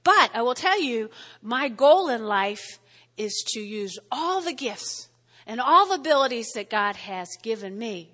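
A middle-aged woman pastor with a New Jersey accent preaching a sermon, energetic and checking in with the congregation. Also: fairly high pitch, unhurried, in a large hall. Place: church sanctuary.

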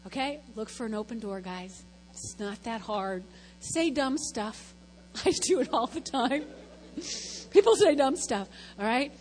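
A woman with a high, bright-pitched voice rambles through an informal church testimony, chatty and self-deprecating. Her words ring out with a long reverb in a large hall, with faint music behind her. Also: expressive, measured pace, pauses often. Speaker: lay speaker at church.

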